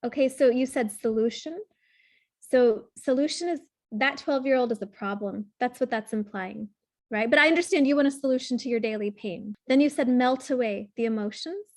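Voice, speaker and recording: High gentle lady coach talking someone through their feelings, dry close sound. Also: moderate pace, no echo. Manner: gentle, tender, earnest explaining. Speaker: somatic trauma coach. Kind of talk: one-on-one coaching session.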